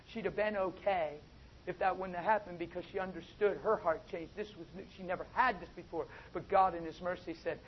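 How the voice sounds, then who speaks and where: A man preaching a sermon, swinging from soft asides to loud, drawn-out emphatic phrases. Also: high-pitched, steady tone. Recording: dull, lo-fi with faint noise.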